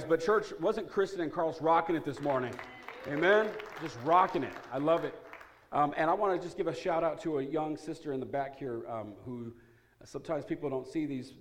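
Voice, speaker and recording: A man pastor delivering a sermon in a church, shifting between quiet, earnest prayer and loud, joking storytelling. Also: mid-range voice. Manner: energetic, humorous, swings from hushed prayer to loud excitement. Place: church sanctuary.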